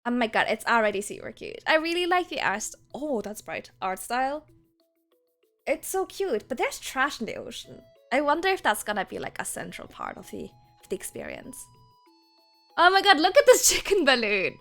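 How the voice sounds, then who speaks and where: Woman streamer, casual chat with viewers, high bouncy voice, soft music playing underneath. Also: normal speed, creaky. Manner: animated, laughs often, rambling restarts.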